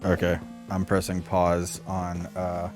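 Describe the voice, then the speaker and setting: Excitable Southern man gaming. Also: low voice, slow pace, music in the background. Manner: excitable, swears and laughs often at his mistakes. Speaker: podcast co-host playing a video game. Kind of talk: casual gameplay chat.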